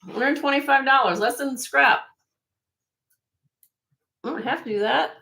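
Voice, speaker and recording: Kinda high-voiced woman doing a live jewelry sale, loud and excited, chatty sales talk. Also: measured pace, gravelly. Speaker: online jewelry seller.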